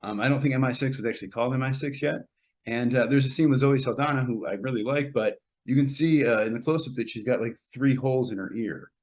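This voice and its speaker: Middle-aged male podcast host, mid-pitched, casual rambling reviewer, lots of fillers and restarts. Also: fast talker, darkish tone. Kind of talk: casual spoken film review.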